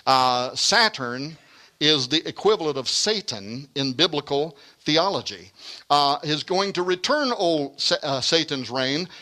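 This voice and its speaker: A man delivers a lecture in a bright, ringing voice pitched a little high. He stresses his points dramatically and slips in rapid asides. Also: expressive. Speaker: speaker giving a lecture. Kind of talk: lecture with read-aloud quotations.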